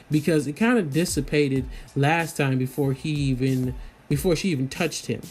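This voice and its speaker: A man's voice: on the high side, darkish tone. A man casually recapping an anime episode in a loose, rambling way, full of fillers. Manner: rambling, loose, lots of "you know" fillers.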